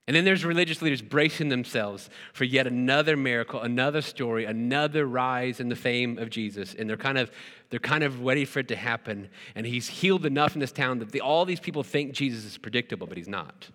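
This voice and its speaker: A man delivers a sermon in a church, talking to the congregation in a conversational way. His voice is bright and forceful. It rings with a long reverb off the hall, and he keeps stopping to ask rhetorical questions. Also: medium pitch. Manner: earnest, conversational preaching with repeated words and rhetorical questions. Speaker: pastor.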